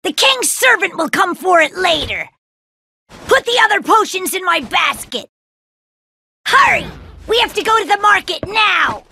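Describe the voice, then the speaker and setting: A woman's voice: extremely high pitch, sing-song, slow, long pauses, pitched above the performer's own voice, exaggerated voice. A woman voicing a bossy, rude witch in a storybook, snapping out scolding orders. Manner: sharp, scolding, shouting orders. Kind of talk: storybook voice acting.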